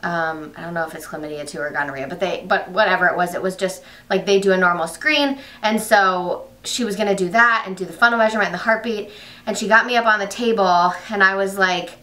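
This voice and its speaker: A pregnant woman vlogging in a casual storytelling way, talking fast and rambling, full of fillers and restarts. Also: medium pitch, pushed and bright, roomy sound, recorded from a distance.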